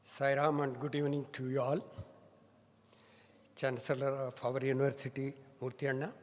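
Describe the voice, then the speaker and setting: A middle-aged man giving a formal welcome speech as a medical college director, measured and full of honorifics. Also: mid-range voice, little pitch movement. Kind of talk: formal ceremonial address. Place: large hall. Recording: long hall reverb.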